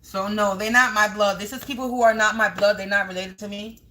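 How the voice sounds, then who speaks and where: A woman's voice: medium pitch, fairly even intonation, fairly quick, sharp tone. A woman giving a spiritual reading to camera, speaking in emphatic, repetitive warnings with frequent swearing. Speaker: tarot and energy reader.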